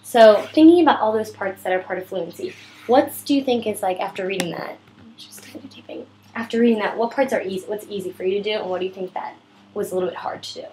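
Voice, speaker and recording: A woman's voice: mid-range voice, fast talker, a little mellow, a little hiss or hum, low-quality recording. A woman with a sore throat patiently tutoring a child in reading, explaining step by step. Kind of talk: one-on-one reading lesson.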